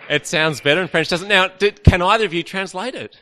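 A man's voice: high-pitched, quick pace, bright, forceful tone. A man giving an evening church teaching talk, chatty and playful with his listeners, with plenty of fillers. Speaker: preacher.

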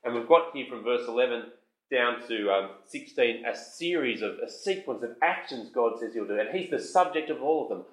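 A man preaching an expository sermon, emphatic, lifting his voice on lists and slowing down when he reads scripture aloud. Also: mid-range voice, lively intonation, a bit bright. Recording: roomy hall sound.

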